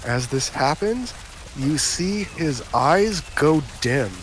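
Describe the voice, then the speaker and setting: A man narrating a tabletop game as game master, slow and deliberate, with faint hiss behind. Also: a little high, expressive.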